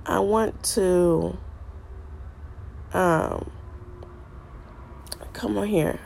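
A woman's voice: mid-range voice, slow pace, vocal fry, pauses often, slight background noise. A middle-aged woman hosting a faith podcast, stuffy and congested from a cold, earnestly repeating her points like a preacher. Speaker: podcast host.

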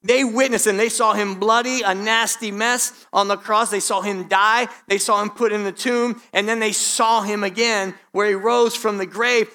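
Male pastor, slightly hoarse, conversational sermon delivery, high-pitched voice. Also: pushed and bright. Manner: conversational, direct address to the congregation, frequent repetition.

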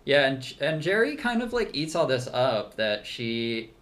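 A man's voice: medium pitch, sing-song, measured pace, a bit bright. Guy cohosting a recap podcast, easygoing chatter, lots of um and like, laughs a bunch. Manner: laughs often, many fillers and restarts. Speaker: podcast co-host. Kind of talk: casual chat recapping a show.

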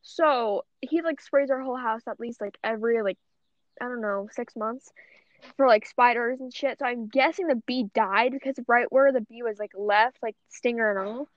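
Speaking at a moderate pace in a voice on the high side, a young woman co-hosts a podcast with no room sound. Her rambling, casual chat includes frequent swearing and a constant "like," on dull, lo-fi audio.

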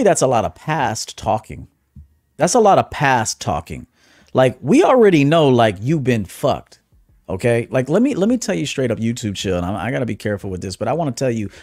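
Guy doing a dating-coach livestream, blunt, goes quiet then loud, mid-pitch, dry sound. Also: dry recording. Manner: blunt, swings from low asides to loud emphatic bursts. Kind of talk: casual livestream monologue.

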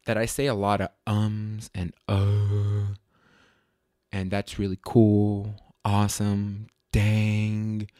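A man hosting his own podcast in a loose, rambling way, correcting himself often and filling pauses with ums. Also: lowish voice, darkish tone, no room sound, clean studio sound. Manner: rambling, self-correcting, lots of fillers. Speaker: podcast host. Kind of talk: casual solo podcast chat.

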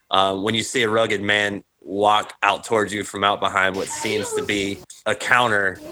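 A man narrating a tabletop game as game master, casual and halting. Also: on the low side, bright, forceful tone.

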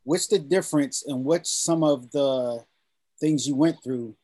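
A man hosting a casual interview, asking questions in a relaxed, conversational way. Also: a little high, unhurried. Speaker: interview host.

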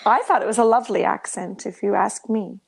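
Her voice is medium-pitched and creaky, and she talks fairly quickly. As one of a podcast's co-hosts, she's chatty, laughs a lot, and tells stories with plenty of energy.

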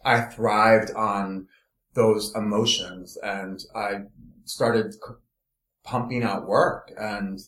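A man from Los Angeles, a guest in an interview, telling his career story in an animated, meandering way. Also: on the low side, extremely slow, reverberant. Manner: animated storytelling, trailing off and restarting. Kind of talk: casual conversational interview.

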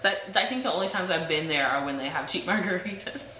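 A sassy woman with a lively, bouncing pitch, teasing her co-host in casual podcast chat and laughing often. The room is echoey and a clear hiss runs underneath. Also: quick pace.

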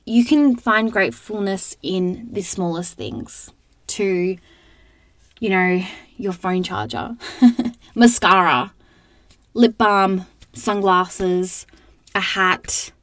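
A young woman hosts a casual motivational podcast, speaking in a mid-range voice with no echo. She's chatty and upbeat, her monologue packed with "like" and "you know."

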